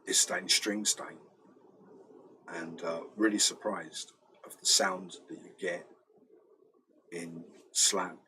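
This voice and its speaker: A British man, a bass player, chatting casually in a rambling storytelling way, often acting out other people's voices. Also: fairly even intonation, takes it slowly, long pauses, pushed and bright, slight background noise, poor audio. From Britain. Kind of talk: casual chat.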